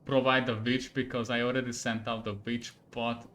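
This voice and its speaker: A young man from Hungary with a Hungarian accent, a non-native English speaker, playing a game on stream, laughing often and getting worked up and loud. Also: mid-range voice, little pitch movement, normal speed. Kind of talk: gaming commentary.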